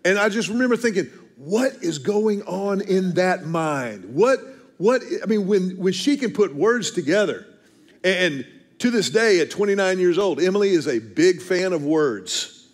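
Fifties guy pastor, kinda high voice, chatty sermon, slows way down on the big lines. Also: expressive. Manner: storytelling, slows down to stress key phrases.

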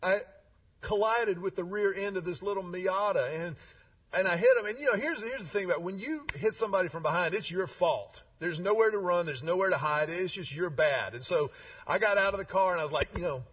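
Male pastor, animated sermon storyteller, high and lively. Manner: animated, conversational, with restarts and asides. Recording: slightly distant, dull sound.

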